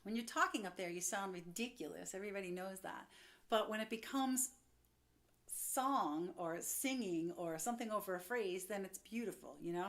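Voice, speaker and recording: A woman's voice: medium pitch, a bit bright, a little hiss or hum. A young woman giving a singing lesson, upbeat and chatty, explaining as she goes. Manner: upbeat, explains with quick demos and laughs. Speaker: vocal coach.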